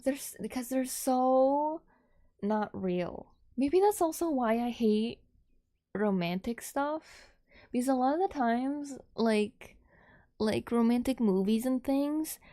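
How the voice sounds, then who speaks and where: A woman's voice: a little high, expressive, slow pace, vocal fry, dark tone. A woman livestreaming, chatting casually with her viewers in a rambling, giggly way, laughing often.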